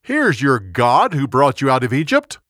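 A man's voice: medium pitch, huge pitch swings, normal speed, no room sound, clean studio sound. A man voicing a stubborn, commanding male king in a storybook retelling. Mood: persuasive. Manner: shouting commands, then pleading.

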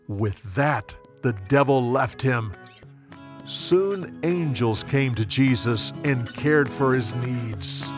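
A man narrating a Bible story in a dramatic, expressive scripted reading. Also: mid-range voice, takes it slowly, faint music behind.

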